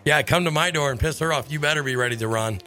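A man hosting a radio show, telling stories in a lively casual chat and laughing often. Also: on the high side, fast talker, faint music behind. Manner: animated storyteller, laughs often. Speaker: radio host.

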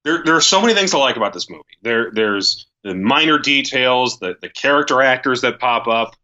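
A man with a bright, forceful voice leads a casual movie chat, animated and quick to act out scenes. He stumbles over his first words now and then. The recording sounds dull and lo-fi. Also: medium pitch. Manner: animated, acts out quotes, repeats words when starting.

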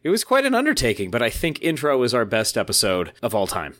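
A man's voice: mid-range voice, huge pitch swings, fast talker, a bit bright. A man hosting a podcast in casual chat, upbeat and jokey, reading listener mail aloud. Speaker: podcast host.

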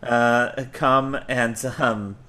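Man, podcast host, bright tense voice, enthusiastic casual storytelling. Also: medium pitch, fairly even intonation, extremely slow. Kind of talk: casual chat.

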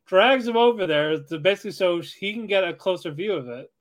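A man's voice: sits high, lively intonation, brisk. A man co-hosting a casual anime podcast, recapping episodes in a loose, rambling way. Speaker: podcast co-host.

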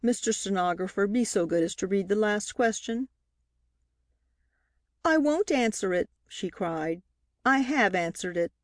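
A woman reading a novel aloud as scripted narration, lifting her pitch for the characters' lines. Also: normal speed, no room sound, clean studio sound. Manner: reads dialogue with lifted pitch for characters. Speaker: audiobook reader.

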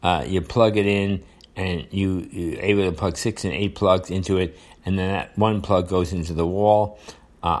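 Rambling older man with a New York accent. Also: sits low. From United States. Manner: rambling, repetitive, with frequent fillers and restarts. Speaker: vlogger. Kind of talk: casual monologue to camera.

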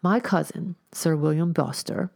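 Woman doing a genteel crocheting lady, placid monotone, snobby, low gravelly voice. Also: a little slow. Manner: placid monotone, boastful of family. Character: dull, self-important genteel lady who crochets.

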